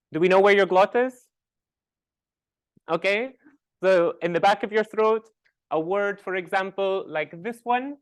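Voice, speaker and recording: A man from the west coast of Scotland with a West Coast Scottish accent, giving a classroom lecture, often ending points with a questioning "right?" and saying example words aloud. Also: fairly high pitch. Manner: explains with tag questions, demonstrates sounds aloud.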